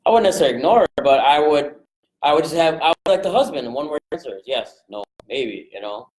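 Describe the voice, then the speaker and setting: A man coaching a group on sales rapport in a casual, energetic way, jumping into quick voices to act out phone calls. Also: fairly high pitch, reverberant, poor audio. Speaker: real estate investing coach.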